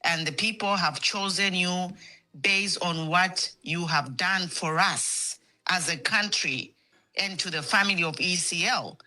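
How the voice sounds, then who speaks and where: Slow, bright-toned woman caller. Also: lowish voice. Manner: earnest, emotional, halting with fillers. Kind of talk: call-in comment to a political show.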